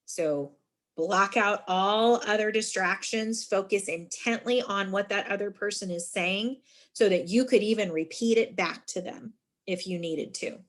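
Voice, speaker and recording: A middle-aged woman talks through a leadership workshop in a middle-pitched, ordinary speaking voice. She addresses her listeners as friends and slips into lively, emphatic storytelling to make her points. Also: measured pace. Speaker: university student involvement director.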